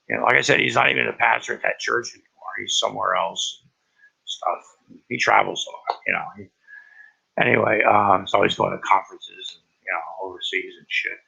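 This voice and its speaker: Gravelly man with a tense, sharp edge; halting, profane rambling, lo-fi recording. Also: mid-range voice. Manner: halting, profane, many restarts. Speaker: vlogger. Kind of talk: rambling personal monologue. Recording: dull lo-fi recording.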